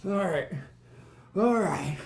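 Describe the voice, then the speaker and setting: Animated, mellow-voiced woman player. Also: fairly low pitch, slow, gravelly. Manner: reactive, swears freely. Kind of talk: casual tabletop play.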